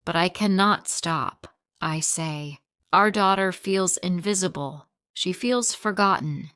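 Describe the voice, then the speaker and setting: A woman reads a graded English story aloud at a very slow, even pace, in a smooth, clear, slightly low voice. The recording is dry and close, with no room sound at all. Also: no room sound. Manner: slow, plain, evenly paced reading. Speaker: narrator.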